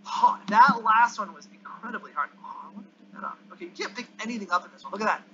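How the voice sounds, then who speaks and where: A male gamer giving excitable commentary as he plays, yelping and groaning at the game. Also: high voice, fast. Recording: dull lo-fi recording with faint hiss.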